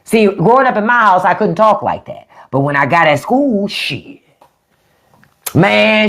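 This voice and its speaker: A woman's voice: mid-range voice, measured pace. A middle-aged woman with a DC-area accent, hosting a casual live stream and talking bluntly with plenty of swearing. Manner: blunt, profane, animated. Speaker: podcast host. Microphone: phone or desk mic on a live stream.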